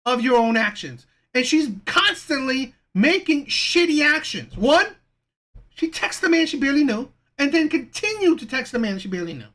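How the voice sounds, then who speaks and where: An emphatic reaction host rants in commentary over a video clip. The pitch swings widely, and nearly every point ends with a pushy "right?" The delivery is blunt, with plenty of swearing. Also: pushed and bright.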